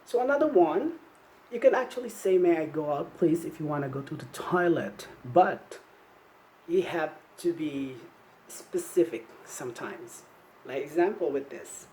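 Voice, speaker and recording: A woman giving an online English teaching demonstration, modeling polite classroom phrases slowly and clearly for young learners to repeat. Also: low voice, lively intonation, mellow, a little hiss or hum, rough recording. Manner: slow, clear, encouraging, modeling phrases for repetition.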